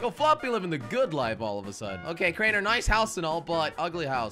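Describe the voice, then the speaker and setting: Excitable man doing game commentary. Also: a little high, quick pace, hardly any pauses, soft background music. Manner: excitable, shouting, big swings. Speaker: gaming video host.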